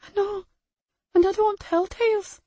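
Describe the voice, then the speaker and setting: A woman voicing a terrified little girl who pleads in a shaky, high baby voice. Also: steady tone, unhurried, warm tone, dry recording. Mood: pleading.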